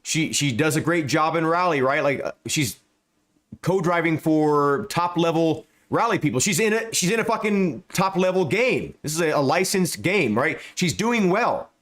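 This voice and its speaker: A man's voice: fairly high pitch, animated, moderate pace, fairly bright tone. Rambling man commenting on gameplay. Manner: rambling, repeats words, stammers, swears. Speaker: gaming YouTuber.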